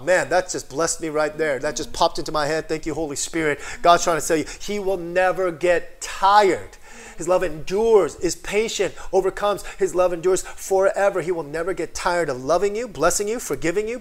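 A man preaching a livestreamed sermon, swinging from shouted praise to quiet, conversational asides, checking in with "right?" and calling for amens, sometimes slipping in Korean phrases. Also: sits high, normal speed. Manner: repetitive, call-and-response with many "right?" and "amen". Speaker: pastor.

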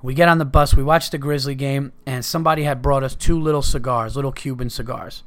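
A man's voice: mid-range voice, fairly even intonation, quick pace. A man hosting a podcast and telling a casual, rambling anecdote with plenty of swearing. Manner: rambling, profane, laid-back anecdotes. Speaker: podcast host. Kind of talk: casual storytelling.

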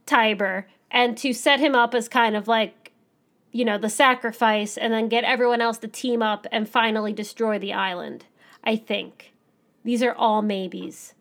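A woman co-hosting a casual podcast chat, animated and excitable, acting out lines as she talks. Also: fairly high pitch, a little slow. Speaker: podcast co-host. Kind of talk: casual chat about an anime episode.

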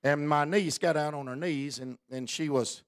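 Fervent folksy preacher, man, slightly high. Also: clean tone, no echo, clean studio sound. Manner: colloquial, drawn-out delivery that swells to fervent, near-shouted exhortation. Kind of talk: folksy storytelling sermon.

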